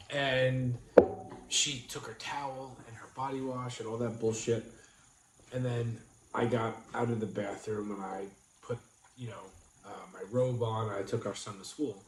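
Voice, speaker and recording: A man's voice: medium pitch, fairly even intonation, normal speed. A middle-aged man hosting a casual livestream, telling a story and acting out quoted lines with energy. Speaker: vlog host. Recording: echoey room with faint noise.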